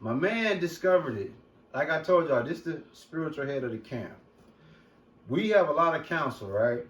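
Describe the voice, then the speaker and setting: A man's voice: fairly high pitch, expressive, normal speed, a bit bright. A man hosting a group talk, preaching loosely with slang and profanity. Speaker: host. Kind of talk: street talk commentary with scripture. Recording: roomy echo from a distant mic.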